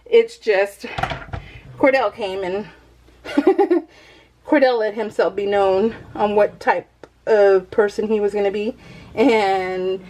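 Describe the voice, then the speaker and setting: A crafting vlogger from Northern California rambles casually to her viewers over her video, giggling often between phrases and talking straight to them. Her voice is medium in pitch, slow, with a darkish tone.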